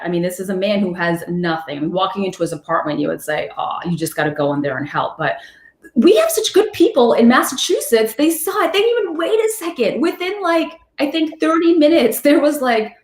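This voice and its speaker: A woman TV reporter telling stories in a casual interview, lively and animated, jumping up high in pitch when she acts out what people said. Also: moderate pace. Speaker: TV news reporter, guest. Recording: echoey room.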